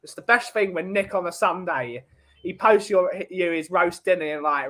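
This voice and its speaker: A man hosting a laid-back podcast, telling rambling jokey stories. His voice sits a little high for a man. He talks in a loose, chatty way. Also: moderate pace, noisy background. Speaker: podcast host. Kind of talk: casual chat.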